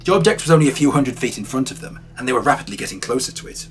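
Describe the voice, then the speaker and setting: A man's voice: mid-range voice, animated, rapid-fire. Man narrating a dramatic documentary. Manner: dramatic, vivid storytelling. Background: faint music.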